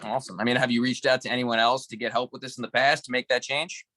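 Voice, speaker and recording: A man's voice: medium pitch, flat delivery, fast talker, pushed and bright, no room sound. A man practicing a sales call in a role-play, asking probing questions with lots of hesitant fillers.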